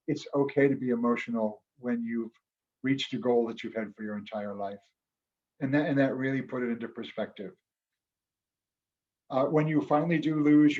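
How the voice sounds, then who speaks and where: Man, middle pitch, earnest and reflective storytelling, video call, slightly muffled sound. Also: a little mellow. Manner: earnest, reflective, occasionally emotional. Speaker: guest speaker, former quiz show champion. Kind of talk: storytelling talk at an online club meeting.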